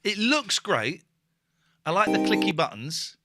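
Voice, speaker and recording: A man's voice: high-pitched, very animated, measured pace, over loud music. A man hosting a casual live show, joking and reacting with mock outrage to clips he plays. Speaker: radio host.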